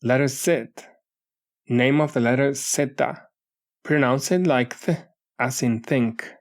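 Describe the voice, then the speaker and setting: Slow, measured male lesson narrator. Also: mid-range voice. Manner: measured, deliberate reading of word lists. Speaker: audiobook narrator. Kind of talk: scripted language-lesson narration.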